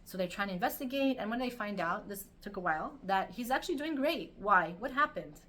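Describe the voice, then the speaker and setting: A woman's voice: medium pitch, brisk, slight background noise. A middle-aged woman giving a weekly Torah talk, telling stories with feeling and many fillers. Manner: animated, emotional storytelling with many fillers. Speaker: Torah teacher.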